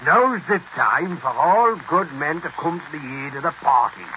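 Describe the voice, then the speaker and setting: A man voicing a rough northeast English working man in a broad Geordie accent, in 1940s radio acting. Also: fairly high pitch, lively intonation, normal speed, background noise, voice pushed up, lightly acted. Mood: gruff. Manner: broad dialect delivery. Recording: dull lo-fi 1940s radio recording.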